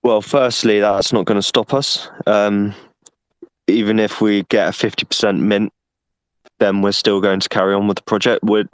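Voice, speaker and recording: A man with a fairly low voice answers questions earnestly, often doubling his words as he works out his point. The sound is dry and close. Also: dry recording. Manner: earnest, repeats words while thinking, says "mate". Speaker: guest representing a project. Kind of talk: casual answers on an online call. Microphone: online voice call.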